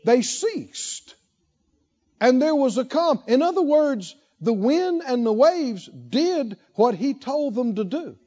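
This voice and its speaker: A man preaches a sermon in a very high, animated voice, drawing his words out slowly and with a mellow tone. He leans on rhetorical questions and repetition. The recording sounds dull and lo-fi. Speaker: pastor.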